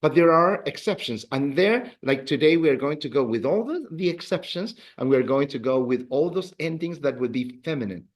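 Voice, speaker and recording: A man's voice: on the high side, a little fast, hardly any pauses. A man teaching a beginner language class, explaining rules and leading drills with praise. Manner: animated, drills students with counts and praise. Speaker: Spanish teacher.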